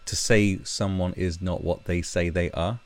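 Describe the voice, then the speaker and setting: Sarcastic man, very deep voice. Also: fairly even intonation, normal speed. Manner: sarcastic, profane, mocking asides, bursts into shouted impressions. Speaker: livestream host. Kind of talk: ranting commentary on a news story.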